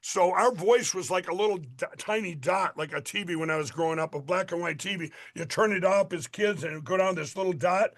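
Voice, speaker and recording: High-voiced, rambling Minnesota man. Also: brisk, few pauses, a bit bright. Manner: rambling, emphatic, many restarts. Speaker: political candidate guest. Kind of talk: radio interview.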